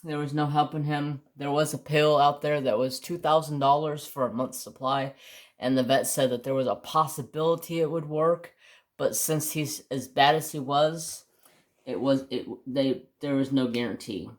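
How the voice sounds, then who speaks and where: A man's voice: fairly high pitch, steady tone, moderate pace. A man casually telling a long personal story on his crafts channel, rambling with restarts and mild swearing. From United States.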